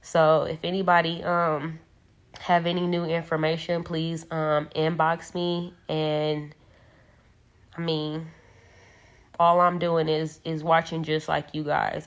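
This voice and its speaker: A young woman talks into her phone on a livestream from a dark room at home, and her voice is low and gravelly. She rambles and circles back with many fillers, and she sounds emotional throughout. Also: monotone, measured pace. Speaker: livestreamer speaking about her sister. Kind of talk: casual livestream talk.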